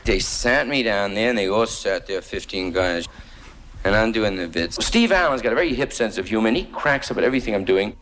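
A man with a New York accent spins a comic monologue in an easy, drawling hipster style. His voice swoops up and down with lively pitch, loose and conversational. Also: a little fast, slight background noise. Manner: laid-back hipster drawl with slang. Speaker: stand-up comedian.

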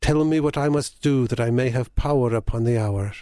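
A man voicing a troubled young princess in a storybook reading, measured and earnest. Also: mid-range voice, dark tone, no echo, studio quality, lightly acted.

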